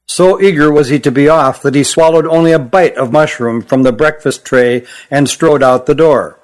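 A man's voice: fairly high pitch, normal speed. Man narrating a fantasy audiobook. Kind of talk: scripted narration.

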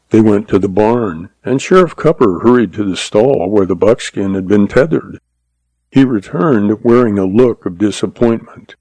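A man narrating a western novel as an audiobook, in a steady, measured reading. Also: lowish voice, no echo.

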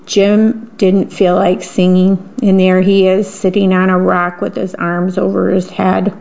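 A woman's voice: medium pitch, monotone, unhurried, creaky, darkish tone. A woman reading picture books aloud and describing the pictures between the lines. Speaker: reader. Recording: dull lo-fi recording.

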